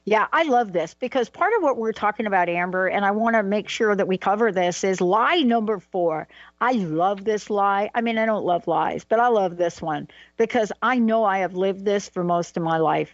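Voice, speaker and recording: A woman's voice: medium pitch, normal speed, no echo, lo-fi sound. A woman co-hosting a radio talk show, telling stories and affirming her guest. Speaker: co-host.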